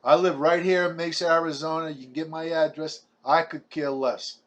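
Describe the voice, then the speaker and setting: Combative older New man, higher voice. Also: steady tone, normal speed, muffled recording. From Brooklyn, New York. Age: 70s. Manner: blunt, combative, stumbling restarts. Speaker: vlogger. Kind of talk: ranting monologue.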